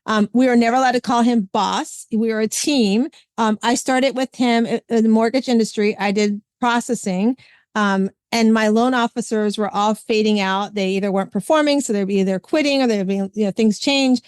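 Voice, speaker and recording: A woman hosting a podcast, chatting casually and retelling stories with lively quoted voices. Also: on the high side, normal speed, clear, resonant tone, no room sound, clean studio sound. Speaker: podcast host. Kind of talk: casual chat.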